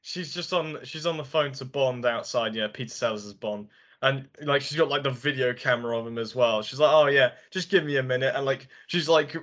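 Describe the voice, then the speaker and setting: A man's voice: mid-range voice, a little fast, a bit bright. A man co-hosting a film review podcast, casually retelling scenes with lots of filler. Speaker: podcast co-host.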